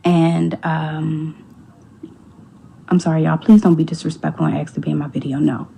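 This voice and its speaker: A woman with a low, husky voice tells a personal story in a loose, candid way. She swears freely and often sinks into near whispers. Her tone is dark and gravelly. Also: level tone, a little slow, long pauses, low-quality recording. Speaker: storyteller in a clip. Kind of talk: casual storytelling.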